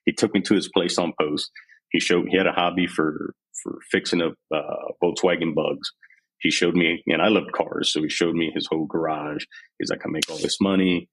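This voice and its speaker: Very deep, husky-voiced man telling his story. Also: normal speed, low-quality recording. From San Antonio, Texas. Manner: candid, animated retelling with quoted voices. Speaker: podcast guest, army veteran. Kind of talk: candid storytelling interview.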